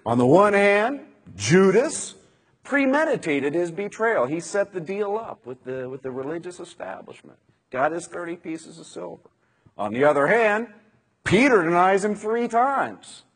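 A man preaching a conversational sermon, retelling scripture with rhetorical questions and a husky voice. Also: high voice.

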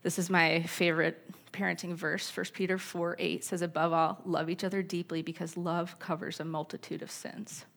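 A woman's voice: lowish voice, flat delivery, moderate pace, vocal fry, a bit bright. A middle-aged woman giving a candid church talk on parenting, mixing personal stories with scripture quotes. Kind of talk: sermon-style teaching talk.

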